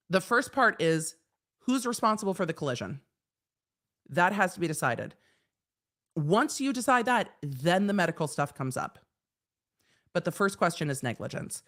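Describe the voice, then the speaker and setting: A middle-aged woman, a lawyer hosting a live stream, talking in a chatty, animated way with laughs and casual swearing. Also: on the low side.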